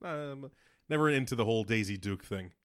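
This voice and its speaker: A man's voice: medium pitch, lively intonation, a little fast, no room sound, clean studio sound. A man co-hosting a casual podcast chat, laid-back and giving brief replies.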